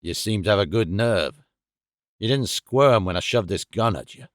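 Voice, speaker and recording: A man voicing a hulking, brutal older lodge boss with a low, gruff voice. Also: animated, moderate pace, dry recording, clean studio sound, lightly acted.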